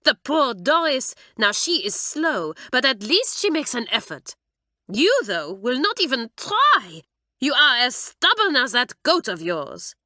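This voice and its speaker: A woman voicing an excitable, hot-tempered schoolmistress, scolding a pupil in a storybook reading. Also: high voice, unhurried, dry recording, studio quality, voice pushed up, full character voice. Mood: exasperated. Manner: exasperated, scolding.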